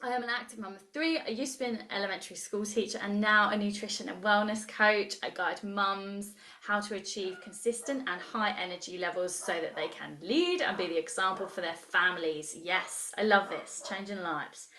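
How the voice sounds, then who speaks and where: A woman's voice: medium pitch, moderate pace, few pauses, bright, forceful tone. A woman in her thirties coaching a live online group, chatty and enthusiastic as she reacts to the chat. Her voice sits in a middle range. The room around her carries a noticeable echo. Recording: roomy echo.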